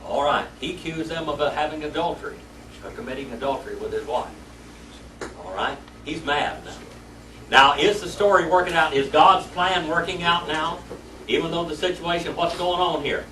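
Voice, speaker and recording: A man's voice: a little high, normal speed, bright, forceful tone. A man teaching a Sunday school class in a church classroom, telling the story in a folksy, colloquial way. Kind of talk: lively Bible class teaching. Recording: echoey room, distant mic, faint noise.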